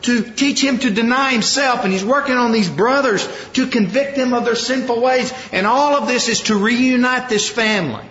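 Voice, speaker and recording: High-voiced preacher in an echoey hall. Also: male voice, moderate pace, few pauses, a little hiss or hum. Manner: animated storytelling, acting out quoted lines. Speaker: pastor. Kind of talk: sermon. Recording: roomy hall, dull lo-fi sound.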